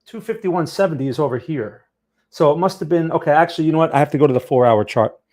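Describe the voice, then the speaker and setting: New Jersey-accented man, fairly high voice, chatty live-stream trading teacher. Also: quick pace, a little mellow. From Northern New Jersey, USA. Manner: chatty, talks to chat viewers. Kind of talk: live-stream market lesson.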